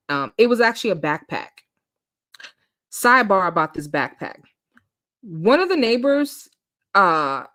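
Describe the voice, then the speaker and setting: Animated woman, host telling a story, swooping pitch, playful delivery. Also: no echo, studio quality. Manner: animated, laughing, acts out quotes. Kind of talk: casual storytime.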